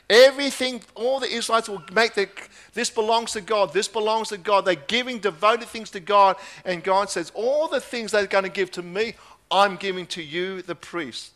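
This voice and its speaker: A man's voice: sits high, pushed and bright. A man preaching a sermon, reading scripture aloud and driving home key phrases by repeating them.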